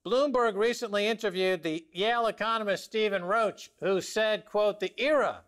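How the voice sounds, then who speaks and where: A man's voice: sits high, moderate pace, a bit bright. A man hosting a financial talk show, joking wryly and laughing at his own lines. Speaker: show host.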